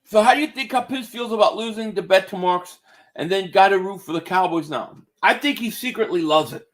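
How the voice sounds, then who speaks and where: Male live-stream host, high bright voice, loose excitable play-by-play and chat. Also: fairly quick. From Philadelphia area. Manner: loose and excitable, swearing, reading chat aloud. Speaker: streamer reacting to a football game. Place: home, indoors.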